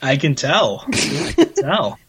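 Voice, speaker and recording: A man's voice: mid-range voice, huge pitch swings, slow pace, fairly bright tone, slight background noise. A man co-hosting a casual podcast recap while sick with a cough, dry and understated. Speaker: podcast co-host.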